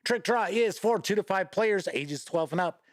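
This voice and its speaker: A man's voice: high voice, animated, normal speed, no echo, clean studio sound. A man hosting a live-streamed gaming news show, chatty and folksy, greeting viewers by name and reading out news. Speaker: host.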